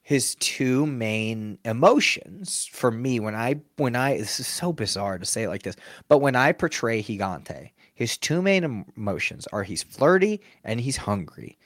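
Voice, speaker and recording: A man's voice: medium pitch, a little slow, few pauses, no echo, studio quality. A man who performs as a sports mascot, telling stories in a casual interview, laughing often and acting out what people said. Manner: animated, laughs often, acts out quotes.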